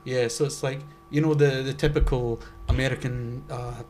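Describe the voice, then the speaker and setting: A young man co-hosting a laid-back podcast. His voice sits in a middle pitch, and he rambles through his thoughts with plenty of fillers and offhand swearing. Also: fairly even intonation, moderate pace, a little mellow, a little hiss or hum. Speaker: podcast co-host. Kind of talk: casual chat.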